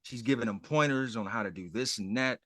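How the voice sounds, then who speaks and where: A man co-hosting a podcast, retelling a TV episode's plot beat by beat in an animated way. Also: mid-range voice, brisk, dry recording, clean studio sound. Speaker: co-host. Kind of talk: casual podcast chat recapping a TV episode.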